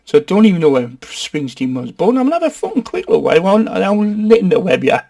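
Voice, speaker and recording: A Geordie man talks through a film in a loose, comic review style. He rambles, swears freely and jokes as he goes. His voice sits slightly higher than most men's. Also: wildly swooping pitch, fast, creaky, dark tone. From North East England. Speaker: film reviewer, channel host.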